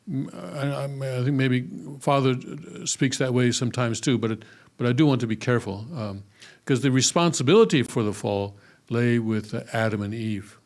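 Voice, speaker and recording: A man's voice: medium pitch, creaky, darkish tone. A man teaching a scripture lesson, reading aloud and breaking off into casual asides with many fillers and restarts. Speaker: religious teacher.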